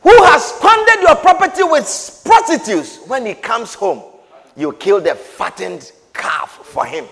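Man preacher, high lively voice, slow emphatic delivery, long hall echo. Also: creaky. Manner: emphatic, repeats phrases, swings between loud and soft. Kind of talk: sermon. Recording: echoey hall reverb.

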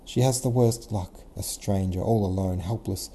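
A man voicing a gentle young princess who speaks earnestly and firmly. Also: sits low, normal speed, a little hiss or hum. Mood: reflective. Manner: soft, earnest, resolute.

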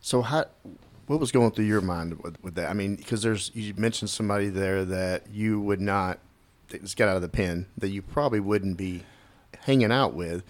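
A man's voice: on the low side, moderate pace. A man hosting an interview, asking long, searching questions that restart as he goes. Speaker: podcast host, first responder.

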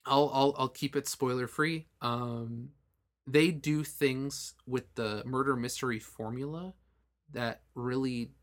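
A man in his late twenties co-hosting a podcast, talking casually and animatedly, with frequent swearing. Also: medium pitch. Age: late 20s. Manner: animated, swearing, quick asides. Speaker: podcast co-host. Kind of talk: casual chat.

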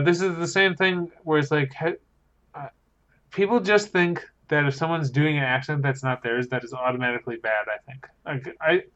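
A man's voice: fairly high pitch, a bit bright. A man from Wisconsin co-hosting a podcast in casual chat, talking in a matter-of-fact, knowledgeable way. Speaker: podcast co-host. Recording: dull lo-fi sound.

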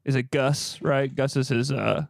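A man's voice: mid-range voice, steady tone, unhurried, vocal fry, no echo, studio quality. A man co-hosting a casual podcast chat, laughing often and posing playful questions to his brothers. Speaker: podcast co-host.

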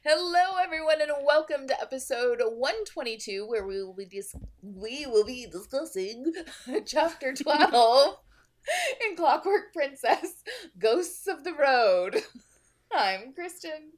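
A woman's voice: sits high, lively intonation, measured pace. A woman co-hosting a book podcast, opening the episode and laughing often in casual chat. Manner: giggly, opens the episode. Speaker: podcast co-host.

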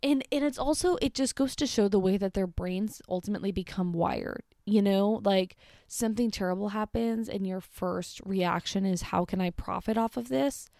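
Woman vlogger, mid-pitched, dry close sound; reads and reacts, blunt and sweary. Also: moderate pace, few pauses, warm tone, no echo. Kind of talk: casual reaction commentary reading messages aloud.

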